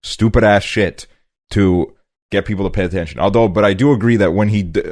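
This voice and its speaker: A man's voice: fairly low pitch, a little fast. A man hosting a podcast in casual chat, rambling with lots of fillers and freely swearing. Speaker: podcast host. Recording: quieter guest mic issue noted.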